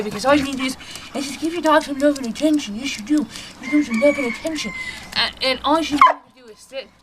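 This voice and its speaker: Chatty woman training her dogs. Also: noisy background. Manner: chatty, switches to high sing-song praise for dogs. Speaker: dog trainer and vlogger. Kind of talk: casual dog training demonstration.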